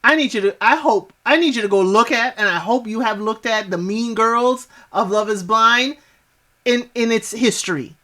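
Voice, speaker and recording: A woman with a slightly high, sharp-toned voice speaks at a moderate pace as she gives a relaxed recap of a reality show. Sassy and talkative, she answers back to the cast and keeps slipping in asides.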